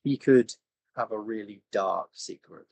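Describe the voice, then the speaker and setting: Woman, tabletop player, very deep voice, dry teasing delivery. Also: unhurried, creaky, a little mellow, rough recording. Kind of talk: casual tabletop play.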